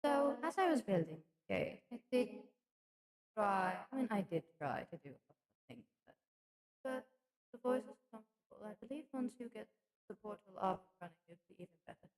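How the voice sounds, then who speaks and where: A woman's voice: mid-range voice, sing-song, a little fast, darkish tone. A woman streamer chatting in character with viewers at her debut, theatrical and affectionate, calling them darling. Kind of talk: in-character livestream debut chat.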